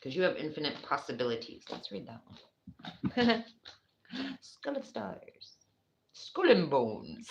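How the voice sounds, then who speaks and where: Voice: mid-range voice, sharp tone, poor audio. A speaker with a New York accent giving a casual, rambling tarot reading, chatty and swearing freely. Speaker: tarot reader.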